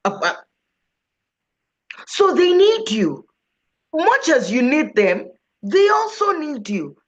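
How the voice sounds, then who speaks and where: Woman, speaking coach, lively pitch, emphatic questions to the room, dull lo-fi sound. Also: slow pace. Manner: animated, emphatic, asks the audience questions. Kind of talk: motivational talk to an audience. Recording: dull, slightly lo-fi recording.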